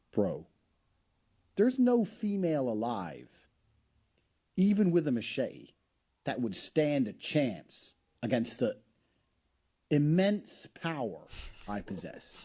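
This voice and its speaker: Brash, boastful man, animated pitch. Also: a little slow, long pauses, husky. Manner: brash, profane, provocative bragging. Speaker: interviewee in played clips. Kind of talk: boastful monologue.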